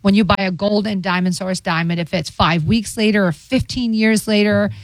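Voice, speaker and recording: A middle-aged woman from England, a jewelry store owner chatting on a talk show, animated and persuasive. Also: moderate pace, no echo. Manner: animated, persuasive, sales pitch. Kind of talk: casual chat.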